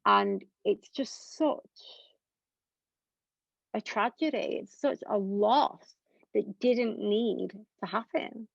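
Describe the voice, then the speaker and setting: Speaking slowly with long pauses, a young woman gives a candid, earnest interview, rambling and using lots of fillers. Her medium-pitched voice is creaky. The audio is dull, lo-fi, and dry, without echo.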